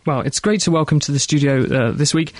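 A man's voice: on the high side, fairly quick, no room sound, studio quality. A British man presenting a live radio science show, chatty and jokey. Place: radio studio.

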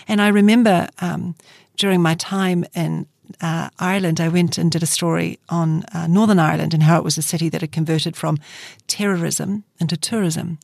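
A middle-aged woman, a journalist talking thoughtfully in an interview, often pausing with fillers and restarting. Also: on the low side, steady tone, gravelly, darkish tone, no echo, clean studio sound. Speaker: journalist guest. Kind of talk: reflective interview talk.

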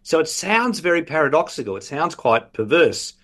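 A man's voice: on the high side, very animated, normal speed, a bit bright. An Australian man, a professor, explaining his research as a guest in a radio interview and acting out imagined patients as he goes.

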